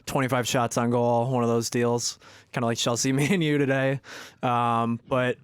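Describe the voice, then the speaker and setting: Laid-back male guest, smooth resonant voice, hedging delivery, dry sound. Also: medium pitch, moderate pace, no echo. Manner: relaxed, hedging, many fillers. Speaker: podcast guest. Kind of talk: casual sports chat. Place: home studio.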